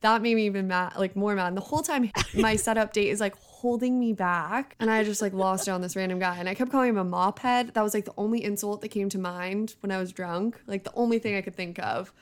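A woman's voice: medium pitch, fast talker, hardly any pauses, clean tone. A young woman in her twenties co-hosting a podcast, recounting a story in a sheepish, self-deprecating way. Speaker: podcast co-host. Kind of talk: casual chat.

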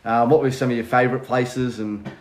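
A man's voice: mid-range voice, little pitch movement, brisk. Hesitant young male interview host. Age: young adult. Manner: hesitant, many fillers and restarts. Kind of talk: casual interview.

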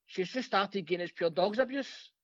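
A Scottish man, a comedian, telling profane anecdotes in a rapid, laughing way during a casual chat. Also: high-pitched, no room sound, lo-fi sound. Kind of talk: casual storytelling.

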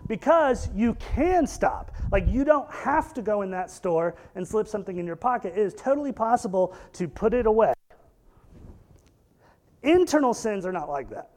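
A male pastor with a high-pitched, darkish-toned voice delivers a casual, conversational sermon, expressive and fairly quick. He speaks animatedly, throwing rhetorical questions at listeners and mixing in joking asides.

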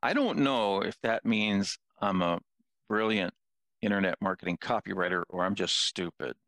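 A man's voice: fairly low pitch, moderate pace, a bit bright, dry recording. An older man in casual conversation, a self-deprecating storyteller who jokes his way through anecdotes.

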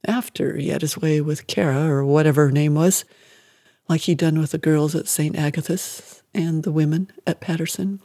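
A man reading an audiobook in a measured, dramatic way that drops to a quiet, hushed tone. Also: on the high side, steady tone, no echo, studio quality. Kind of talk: scripted audiobook narration.

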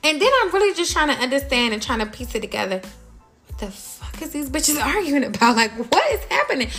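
A young woman hosting a casual celebrity gossip talk, animated and exasperated, cursing and repeating herself as she rants. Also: high-pitched, brisk, faint music behind. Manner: animated, exasperated, profane and repetitive. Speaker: host.

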